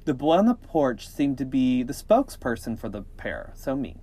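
A male podcast co-host reads creepy encounter stories in a mid-pitched, everyday voice. He keeps stepping out of the text for cheeky, joking asides, and his reading stays lively and casual. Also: moderate pace. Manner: jokey, animated, breaks into laughter and cheeky asides.

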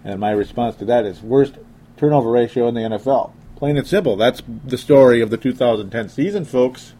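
A man's voice: medium pitch, fairly quick, warm tone. A young man hosting a casual sports talk show, reading listener comments aloud and joking around. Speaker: sports podcast host.

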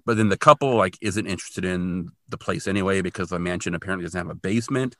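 A man with a rather low, bright, forceful voice talks through a TV episode in a loose, chatty way. He leans on fillers and pokes fun at himself as he goes. The sound is close and dry, with no room around it. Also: fast talker, hardly any pauses, no echo. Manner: chatty, filler-heavy, self-deprecating. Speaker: podcast co-host. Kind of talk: casual episode recap.

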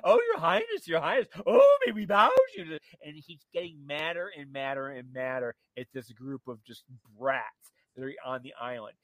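A man co-hosting a radio show, telling a story in a gossipy, animated way with many fillers and restarts. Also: mid-range voice, dry recording. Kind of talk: casual radio chat. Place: radio studio.

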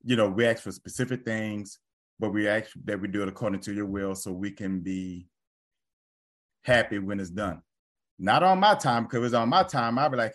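A man's voice: on the low side, moderate pace, a bit bright. A man who coaches, talking casually about faith with lots of fillers and easy agreement. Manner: agreeable, rambling, full of fillers. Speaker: basketball coach.

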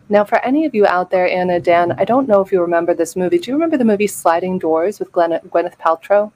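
A middle-aged woman with a fairly low voice tells a candid personal story on a podcast. She delivers it with a flair for drama, acting out the other people's voices and breaking into laughter. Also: fairly quick, few pauses, low-quality recording. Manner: dramatic, acts out quoted voices, laughs often. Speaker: podcast guest.

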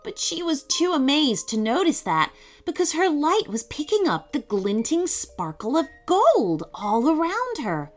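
A woman narrating a children's story with a slightly high voice and a very lively melody. She reads slowly and expressively, over faint background music. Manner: slow, expressive reading.

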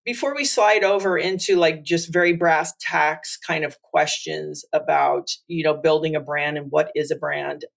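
A man hosting an interview, talking in a rambling, animated way with many fillers and asides. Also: fairly high pitch, normal speed, gravelly, few pauses. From Trinidadian father. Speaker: podcast host. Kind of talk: conversational interview.

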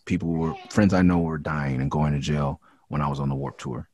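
A man who raps, from the Los Angeles area, talking frankly and with a lot of swearing in a casual interview, and getting louder when he is heated. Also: extremely low pitch, fairly even intonation, a little fast, lo-fi sound, soft background music. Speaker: rapper and interview guest. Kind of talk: candid casual interview talk.

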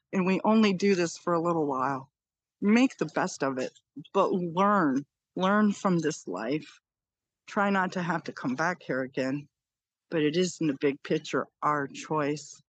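A woman's voice: low voice, no echo. Earnest middle-aged woman telling her story. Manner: earnest, repeats phrases for emphasis. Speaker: guest. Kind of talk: personal storytelling in an interview.

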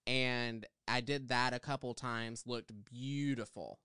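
A man's voice: medium pitch, fairly even intonation, slow pace, sharp tone, clear, resonant tone, no echo, studio quality. A man co-hosting a podcast, casually telling a long salon story with lots of fillers. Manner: chatty, rambling with fillers. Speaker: podcast co-host, hairstylist.

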